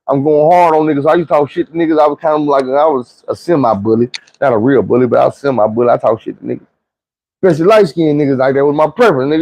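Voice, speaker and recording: A man's voice: mid-range voice, dry recording, muffled recording. A man telling a story in a casual, profane, slangy monologue, rambling loosely with frequent restarts.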